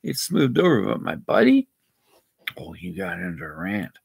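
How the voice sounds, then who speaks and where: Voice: deep voice, sing-song, moderate pace, vocal fry, breathy edge. A speaker from Canada, ranting indignantly in a rambling personal vlog. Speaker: vlogger. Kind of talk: angry personal rant.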